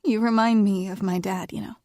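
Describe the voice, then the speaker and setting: A woman voicing a guarded, weary young woman in a whispered role-play, speaking in a soft, hushed way. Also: mid-range voice, steady tone, fairly quick, no echo, studio quality, lightly acted. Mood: sharp.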